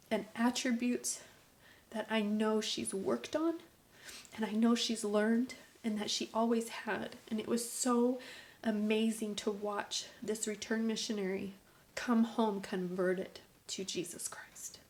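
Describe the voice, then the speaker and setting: A woman's voice: fairly high pitch, fairly even intonation, a little slow. Earnest mother vlogging, dropping to whispers. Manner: earnest, preachy, drops to whispers for emphasis. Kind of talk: emotional personal vlog monologue.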